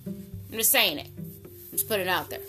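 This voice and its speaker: A woman casually recapping a soap opera episode in an animated, gossipy way, using slang and an occasional swear word. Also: moderate pace. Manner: jumps to high, loud pitch for excited retellings. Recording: music playing clearly behind the voice.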